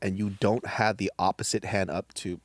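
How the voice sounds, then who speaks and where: A man co-hosting a casual sports podcast, joking and swearing in an animated way. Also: low-pitched, moderate pace, no room sound. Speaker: podcast co-host. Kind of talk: casual chat.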